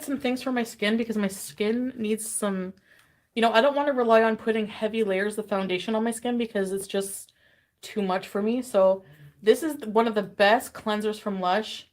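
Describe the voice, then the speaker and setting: A woman's voice: mid-range voice, fairly even intonation, moderate pace, a little mellow. A woman chatting casually on a livestream, tired and giddy, greeting viewers with bubbly squeals. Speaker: livestream host.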